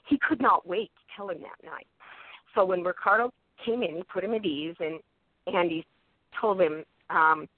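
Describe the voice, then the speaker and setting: A woman tells a story as a radio guest, animated and jumping in pitch to act out the people she quotes. Her voice comes through a thin, phone-like line. The sound is dry, with no room around it. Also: moderate pace, no echo. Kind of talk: animated anecdote on talk radio.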